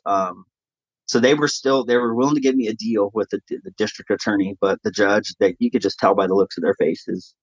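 Interview guest, male, low-pitched, earnest storyteller, dull dry recording. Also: moderate pace, breathy edge, no room sound. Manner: earnest, animated when quoting others. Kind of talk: conversational storytelling.

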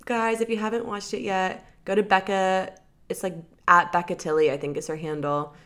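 A woman's voice: mid-range voice, fairly even intonation, normal speed, fairly bright tone. A young woman co-hosting a casual gossip podcast, upbeat and chatty, laughing often. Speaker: podcast co-host. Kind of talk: casual celebrity gossip chat.

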